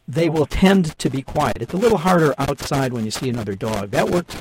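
A man with a gravelly, creaky voice talks dog training as a radio guest. He explains in an animated way and acts out dogs and owners in quick quoted voices. The recording carries a steady layer of noise. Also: medium pitch. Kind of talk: radio call-in chat. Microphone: too close to the mic. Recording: noisy radio studio mic.

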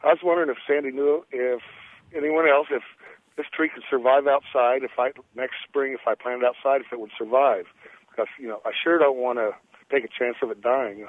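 A man's voice: mid-range voice, steady tone, fairly quick, no room sound. A man calls in to a radio show over a tinny phone line. He is earnest and rambles, restarting his sentences. The sound is dry. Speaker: caller. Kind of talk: phone-in question.

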